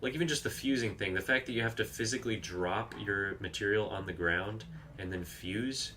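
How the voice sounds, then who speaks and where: A man's voice: fairly low pitch, a little fast, pushed and bright, slight background noise. A man streaming a video game, chatting casually, reacting aloud to the action and reading out viewer comments. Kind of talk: live gameplay commentary.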